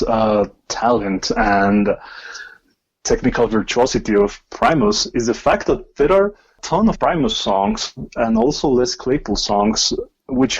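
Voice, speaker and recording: A man's voice: medium pitch, breathy edge. A man co-hosting a music podcast, speaking in an easygoing, hesitant way with many fillers. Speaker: podcast co-host. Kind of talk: casual music discussion. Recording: muffled lo-fi mic.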